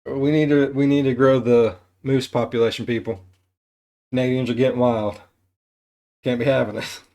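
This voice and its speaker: Blunt, swearing reaction host. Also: male voice, medium pitch, flat delivery, moderate pace, mellow. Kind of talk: casual reaction commentary.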